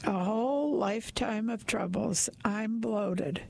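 A woman's voice: mid-range voice, slow, creaky, a little mellow. A woman doing a protective, folksy laundromat woman. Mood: calm. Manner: soothing, folksy, motherly. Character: tall, protective laundromat woman, self-assured.

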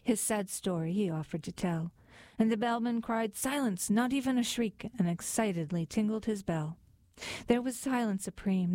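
A woman reading poetry aloud with a measured, rhythmic recitation. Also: medium pitch, dark tone, no room sound. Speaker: reader.

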